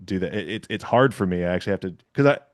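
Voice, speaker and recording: A man runs a relaxed interview. He talks in a chatty, rambling way, full of fillers and restarts. The recording is dry and close. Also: sits low, rapid-fire, dry recording. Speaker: podcast interviewer. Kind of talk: casual interview chat.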